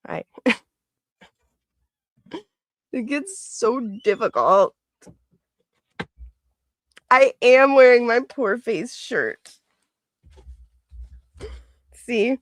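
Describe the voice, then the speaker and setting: A woman's voice: a little high, animated, extremely slow, long pauses, dry recording, studio quality. A woman hosting a casual livestream, chatting and laughing often as she greets viewers by name. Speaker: livestream host.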